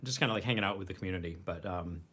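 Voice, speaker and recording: A man hosting a casual livestream, rambling, clearing his throat and chewing as he talks. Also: sits low, racing, sharp tone. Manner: rambling, clears throat, chews while talking. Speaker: livestream host reviewing rations.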